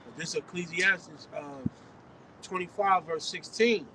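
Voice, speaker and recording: A man in a casual group chat who speaks haltingly with many pauses. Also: high-pitched, a crowd in the background. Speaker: discussion participant. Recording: distant mic with outdoor noise.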